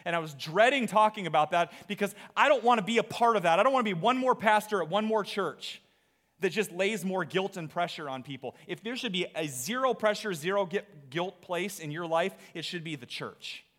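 A man preaching as a pastor in a church service, earnest and animated, with repeated phrases. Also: sits high, moderate pace. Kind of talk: sermon. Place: church auditorium.

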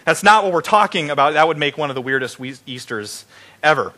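A man's voice: a little high, animated, a little fast, sharp tone. A middle-aged man preaching an Easter sermon as pastor, joking and playful with his congregation.

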